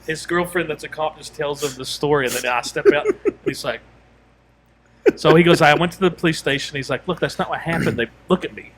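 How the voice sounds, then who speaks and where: A man with a husky, slightly high voice tells a story in a loose, rambling podcast chat. He drops into quoted lines and restarts his sentences as he goes. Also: brisk, fairly bright tone. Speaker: podcast co-host.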